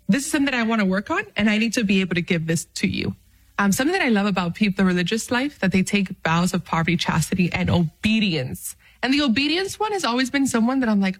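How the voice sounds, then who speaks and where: A woman, a religion teacher, giving a casual faith talk to the camera, lively and self-deprecating, with fillers and laughs. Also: on the high side, poor audio.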